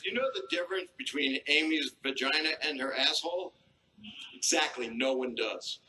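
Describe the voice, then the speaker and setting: A man hosting a comedy show on a theater stage, making brash, crude jokes in a mock-sincere tone. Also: fairly high pitch. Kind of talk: stand-up hosting and video narration. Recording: roomy theater sound with broadcast hiss.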